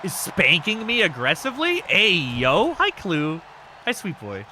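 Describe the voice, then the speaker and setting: A man hosting a live stream, giving casual commentary on a wrestling game with excitable, crude joking. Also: high voice, measured pace, background noise. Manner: excitable, crude and joking, yelps at big moves.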